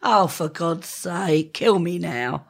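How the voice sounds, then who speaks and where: A woman's voice: on the low side, lively intonation, slow pace, gravelly, breathy edge. A woman co-hosting a casual chat, cutting in with teasing, cheeky remarks. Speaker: podcast co-host.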